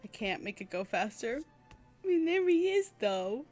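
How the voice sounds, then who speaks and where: A woman's voice: on the high side, very animated, moderate pace, over music. A young woman streaming a game, chatting casually, gushing and swearing as she reacts.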